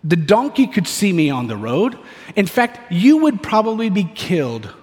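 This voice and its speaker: A man's voice: sits high, wildly swooping pitch, normal speed, a little mellow. Man doing a scolding, stern angel. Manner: exasperated, scolding. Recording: echoey hall reverb.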